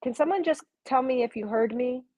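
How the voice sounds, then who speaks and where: A woman with a fairly high voice, live-streaming as a spiritual reader and channeler. She talks effusively, exclaiming often and laughing easily. She speaks straight to her viewers in the comments. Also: brisk, darkish tone.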